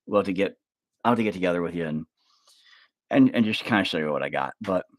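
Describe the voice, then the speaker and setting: A man's voice: sits low, animated, fast, no echo, clean studio sound. A man rambling casually in a vlog, swearing often and calling the listener "bro", recorded on a handheld phone at home. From Oklahoma. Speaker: vlogger. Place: at home, kids nearby. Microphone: phone held up.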